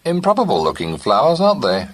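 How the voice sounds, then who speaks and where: A man's voice: medium pitch, wildly swooping pitch, fast, dry recording, pitched above the performer's own voice. A man doing a blunt, persistent young suitor. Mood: teasing. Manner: blunt, straight to the point.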